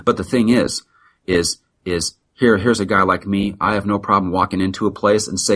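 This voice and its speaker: A man's voice: deep voice, steady tone, moderate pace, a bit bright. A middle-aged man from the United States, a practice consultant giving a blunt, emphatic, preachy motivational sales talk as a guest.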